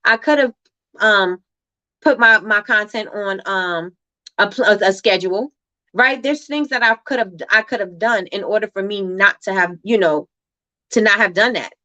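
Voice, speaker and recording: A woman hosts a motivational livestream, speaking emphatically, repeating phrases for effect, and reading viewer comments aloud. Her mid-range voice moves at normal speed with a bright, forceful tone.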